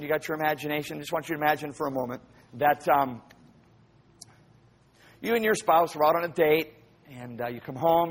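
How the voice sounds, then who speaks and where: A man's voice: a little high, vocal fry, husky. A man preaching a sermon who tells stories vividly, acts out scenes and keeps asking his listeners questions. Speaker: pastor.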